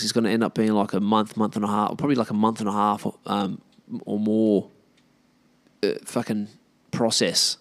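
A man's voice: on the low side, no echo. An Australian man hosting a podcast, chatting casually on his own in a blunt, sweary, rambling way. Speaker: podcast host. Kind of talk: casual solo podcast chat.

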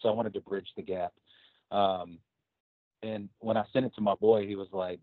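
A man chats about his music in a loose, rambling way, full of fillers and retold conversations. His voice sits on the low side. The recording is dry and a little muffled. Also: steady tone, moderate pace, pauses often, dry recording. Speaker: guest musician. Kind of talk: casual interview talk.

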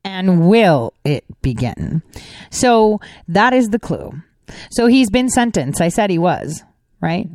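A woman host delivers political commentary in a sly, sarcastic way, throwing out rhetorical questions and letting her pitch swoop widely. Her voice sits dry and close, with no room sound around it. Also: very animated, slow pace, darkish tone, no room sound.

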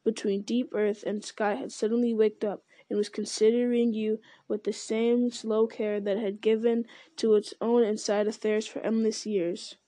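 A woman reading a novel aloud in a steady, unhurried storytelling manner. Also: a little high, dry recording. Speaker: reader.

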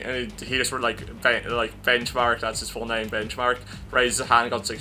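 Bright-voiced man running a game. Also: mid-range voice, flat delivery, fairly quick, hardly any pauses, faint music behind. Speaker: game master. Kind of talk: narrating a tabletop game.

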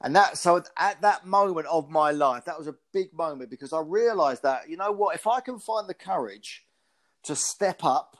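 A man from the UK in his fifties tells stories as an interview guest, in a slightly higher voice than usual. He restarts his phrases often and talks with animated energy. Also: moderate pace. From United Kingdom. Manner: animated storyteller with frequent restarts. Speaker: guest, former pro boxer and speaker. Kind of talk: casual interview storytelling.

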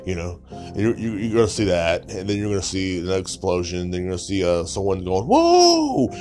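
Low voiced guy ranting on his podcast, cussing nonstop, sarcastic and mocking, faint music under it. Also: little pitch movement, brisk, a little mellow. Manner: crude, sarcastic, mocking, swears constantly. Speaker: podcast host. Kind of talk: profane comedic rant.

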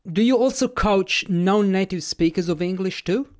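A man hosts an interview podcast, asking questions in a curious, measured way. His voice sits a little higher than most men's. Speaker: podcast host.

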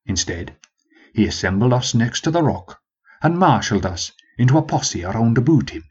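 A man reading a story as narrator, in an expressive storytelling manner. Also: medium pitch, moderate pace, husky, muffled recording. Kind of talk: scripted narration.

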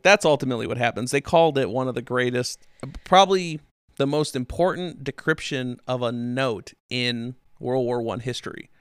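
A man's voice: medium pitch, fairly bright tone, smooth, dry recording, studio quality. A man hosting a podcast, telling history casually and animatedly, with swearing and silly quoted voices. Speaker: podcast host.

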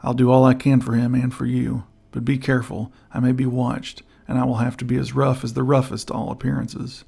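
A man reading the part of a gruff, gloomy old outlaw who offers hushed help. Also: mid-range voice, monotone, fairly quick, few pauses. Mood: low urgent. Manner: rough, hushed, conspiratorial. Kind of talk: audiobook character voice.

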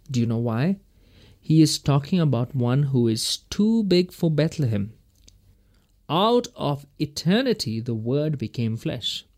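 A man's voice: fairly high pitch, a little mellow. A man teaching verse by verse through a Bible passage in a folksy, emphatic way, chuckling between his points.

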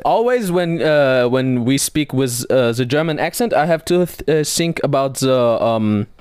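Easygoing young man, clear dry voice. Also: mid-range voice, lively intonation, moderate pace, a little mellow, no room sound. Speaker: podcast co-host. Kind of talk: casual podcast chat.

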